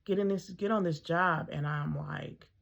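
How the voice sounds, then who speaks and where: Low gravelly woman telling her story. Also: normal speed, lo-fi sound. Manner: conversational, frequent ums, acts out her own thoughts. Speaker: mother sharing her personal story. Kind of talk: casual personal storytelling.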